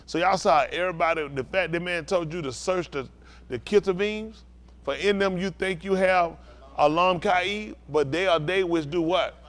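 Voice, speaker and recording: A pastor preaches at a moderate pace in a man's voice that sits high and sounds a bit bright. His Bible teaching runs as call-and-response, and he keeps asking the listeners whether they follow to make sure they understand.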